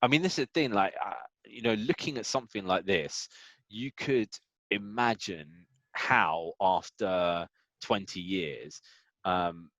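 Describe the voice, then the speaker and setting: A man's voice: low-pitched, measured pace, a bit bright, no room sound, lo-fi sound. A man co-hosting a podcast, talking casually and rambling, with lots of fillers. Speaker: podcast co-host. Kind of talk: casual chat.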